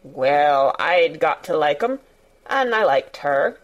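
A woman's voice: low-pitched, animated, slow pace, dull audio, pitched below the performer's own voice. A woman doing a grumbling old gardener. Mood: grudging. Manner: grunting, grumbling, curt. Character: grumbling old male gardener, gruff and cross.

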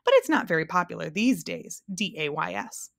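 A woman's voice: on the low side, big pitch swings, normal speed, vocal fry, a bit bright, no echo, studio quality, full character voice. A woman voicing a fussy male spelling bee who spells words out letter by letter.

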